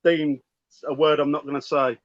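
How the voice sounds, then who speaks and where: A man's voice: fairly high pitch, flat delivery, normal speed. A man chatting casually as a guest about toys, speaking freely and swearing now and then. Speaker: guest toy collector. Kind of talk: casual chat. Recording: dull lo-fi audio.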